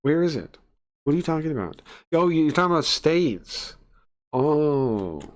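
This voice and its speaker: A man's voice: a little high, sing-song, normal speed. A man streaming live, reacting to a video with sarcastic, mocking rants. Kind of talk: casual live-stream commentary.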